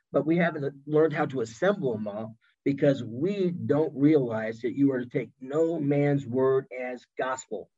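Husky man telling animated stories. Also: a little high, lo-fi sound. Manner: animated, acts out quoted voices. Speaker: podcast guest. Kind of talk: storytelling in an interview chat.

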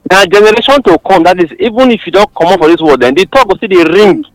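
A man with a Nigerian Pidgin accent, co-hosting a radio chat and explaining his points in a measured way. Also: high-pitched, no room sound, low-quality recording. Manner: lively, measured explaining, proverbs. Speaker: radio co-host. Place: radio studio.

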